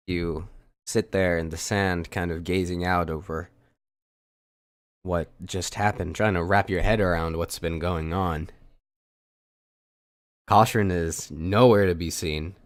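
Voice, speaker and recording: Deep-voiced man narrating a tabletop game. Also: dry recording, clean studio sound. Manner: slow, laid-back narration with casual fillers. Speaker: dungeon master.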